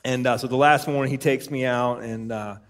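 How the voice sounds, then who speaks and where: A man's voice: mid-range voice, steady tone, brisk. A man telling a long hunting story on stage at a live podcast show, rambling with lots of "uh" and laughter. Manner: rambling anecdote full of "uh" and laughter. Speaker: podcast co-host.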